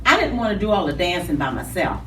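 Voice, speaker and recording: A woman hosting children's storytime in a library. She speaks to small children in an animated way and draws out her words. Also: fairly low pitch, quick pace, slight background noise. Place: library room. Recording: roomy, distant mic.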